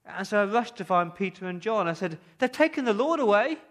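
A man preaching in the first person as Mary Magdalene, a grieving woman who becomes a joyful witness. He speaks earnestly and haltingly as he retells her story. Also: high-pitched, fairly even intonation, fairly bright tone. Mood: emotional. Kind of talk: first-person dramatic monologue in a sermon.

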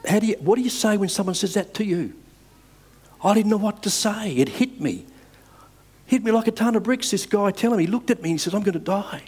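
A man delivers a sermon in a somewhat higher voice, earnest and measured. He pushes up hard on key phrases and then sinks back down to a soft, slow close. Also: slightly rough. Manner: earnest, measured, with emphatic rises and soft drops. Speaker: preacher.

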